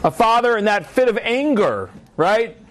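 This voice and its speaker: A man teaching a religious class, telling a story in an animated, humorous way. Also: sits high, moderate pace.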